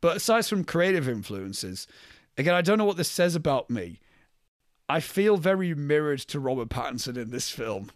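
A man with a slightly high voice keeps a moderate pace as he co-hosts a podcast of casual film talk. Playful and energetic, he cracks jokes and drops into impressions of movie quotes, captured studio-quality with no room sound.

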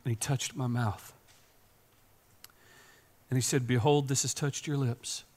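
A man preaching a sermon, swinging from hushed whispers to loud, impassioned preaching. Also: mid-range voice, fairly even intonation, unhurried. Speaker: pastor.

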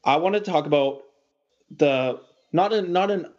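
Male podcast host, slightly higher voice, rambling and jokey, muffled lo-fi sound. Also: unhurried. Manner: rambling, joking, animated. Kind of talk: casual sports podcast chat.

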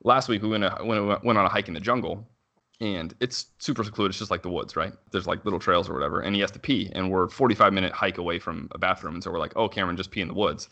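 A man's voice: low voice, sharp tone. A man, a father, in his thirties, chatting casually and rambling with lots of fillers and restarts. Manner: rambling, frequent "like" fillers and self-restarts, quick laughs. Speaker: father telling a story. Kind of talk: casual conversational chat.

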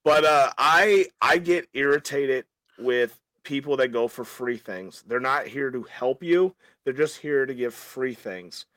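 A man's voice: mid-range voice, lively intonation, unhurried, pushed and bright, dry recording. A man with a mid-range voice who hosts a podcast, rambling through strong opinions and restarting his sentences as he goes. The recording is dry and close, with no room sound. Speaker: podcast host. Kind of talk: casual podcast chat.

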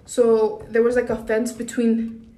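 A woman's voice: a little high, completely flat delivery, a little slow, dark tone. A young woman casually telling a story on a podcast, cursing freely and acting out what people said. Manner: swears a lot, retells scenes with acted quotes. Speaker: podcast co-host. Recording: echoey room, mic at a distance.

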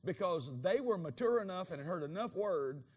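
A man preaching a sermon as pastor, swinging between quiet asides and loud, animated bursts, and acting out quoted dialogue in changed voices. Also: high-pitched, a little fast, breathy edge.

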